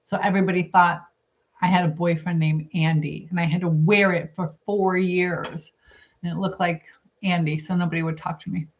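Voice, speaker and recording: This middle-aged woman runs a laid-back livestream where she eats, reads viewer comments and chats in a rambling, think-out-loud way. Her voice is lowish and level, at a moderate pace. The audio is dull and lo-fi.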